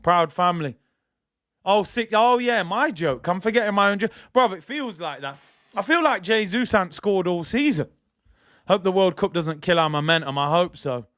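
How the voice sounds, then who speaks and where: Young man, football watch-along host, excitable, high voice, dry sound. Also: moderate pace, dry recording. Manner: excitable, banters with chat, shouts at big moments. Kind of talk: live match reaction chat.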